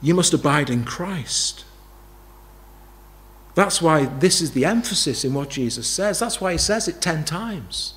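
A man's voice: a little high, animated, a little slow, a bit bright. A man preaching a sermon, emphatic, repeating key phrases and asking rhetorical questions.

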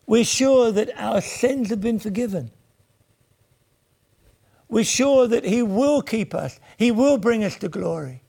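A man's voice: sits high, creaky, mellow. A man preaching a sermon in an earnest voice that swells and then sinks almost to a whisper. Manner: earnest, rises and falls, drops to near whispers.

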